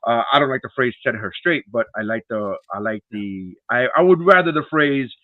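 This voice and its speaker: A man's voice: medium pitch, normal speed, no room sound. A man co-hosting a podcast as a comedian, chatting casually, swearing a lot and acting out the people he quotes. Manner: animated, profane, acts out quoted people. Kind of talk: casual chat. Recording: tinny phone-like sound.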